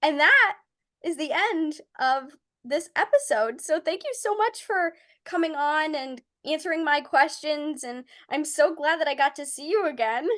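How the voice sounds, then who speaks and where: A teenage girl hosting a relaxed podcast chat, her voice sitting a little higher than most. She is from Connecticut and talks in an effusive, upbeat, gushing way. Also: unhurried. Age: teens. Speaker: podcast host. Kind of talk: casual podcast interview.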